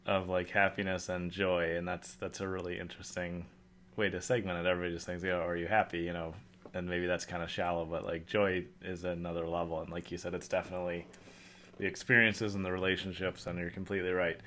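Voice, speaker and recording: Male host, low but bright voice, enthusiastic and affirming. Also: little pitch movement, quick pace, slight background noise. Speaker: podcast host. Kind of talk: conversational interview.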